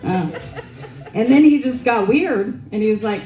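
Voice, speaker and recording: A woman's voice: on the high side, animated, a little slow, dark tone. A young woman doing a stand-up comedy set, crude, rambling and self-mocking, with audience laughter behind her. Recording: echoey room with faint noise.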